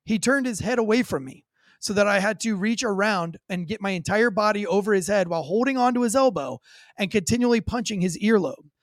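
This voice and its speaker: A man with a rather high voice tells a story from his police days, blunt and full of curses. The sound is close and dry, with no room around it. He lays out each moment in vivid detail. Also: fairly quick, no echo. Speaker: former police officer. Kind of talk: recounting a personal story in an interview.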